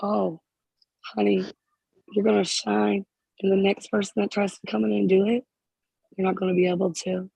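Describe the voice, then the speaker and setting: A spiritual healer speaking in emotional counseling to a group member, halting and repeating phrases, close to tears. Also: medium pitch, flat delivery, vocal fry, warm tone, slightly rough, no room sound, rough recording.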